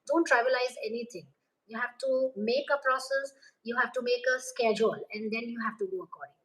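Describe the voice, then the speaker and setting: High-voiced Indian woman teacher. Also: a little fast, fairly bright tone, rough recording. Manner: emphatic, advice-giving. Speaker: English teacher, guest. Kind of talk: casual interview chat.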